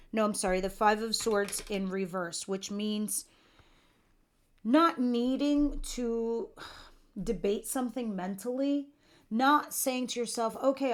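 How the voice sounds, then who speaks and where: Middle-aged woman, tarot reader, loose and talkative, plain mid-range voice. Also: mid-range voice. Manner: chatty, jokey, talks straight to viewers. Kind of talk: casual tarot reading monologue.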